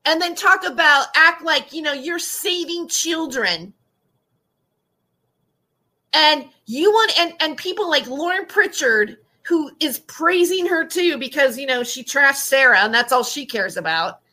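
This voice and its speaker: A woman's voice: high-pitched, bright, forceful tone. A young woman on an audio-only livestream, upset and close to tears, rambling and repeating herself as she rants at her chat and greets viewers. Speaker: YouTube livestreamer. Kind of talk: emotional livestream rant to chat. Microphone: audio-only stream, no face shown.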